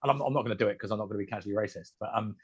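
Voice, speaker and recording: A man with a West Country English accent talks casually as a guest on a comedy podcast, his voice husky and a little breathy. He stumbles and restarts his thoughts often, fillers between nearly every phrase, as heard over a video call. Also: lowish voice, lo-fi sound. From West Country, England. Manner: halting, many restarts and fillers.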